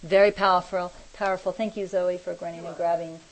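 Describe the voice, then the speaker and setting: A woman teaching a spiritual group, reading channeled messages aloud and commenting on them in a soft, reflective way. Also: lowish voice, little pitch movement, fairly quick, low-quality recording. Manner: soft-spoken, reflective, often laughing.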